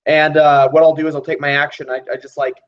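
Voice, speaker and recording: A man's voice: fairly high pitch, flat delivery, fast talker, lo-fi sound. A man playing a tabletop game, describing his character's moves in first person. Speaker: player.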